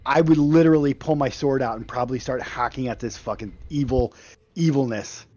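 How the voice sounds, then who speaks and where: A man's voice: medium pitch, brisk, darkish tone, muffled recording. A man playing a tabletop game, joking and blunt. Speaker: player. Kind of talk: casual chat in a tabletop game.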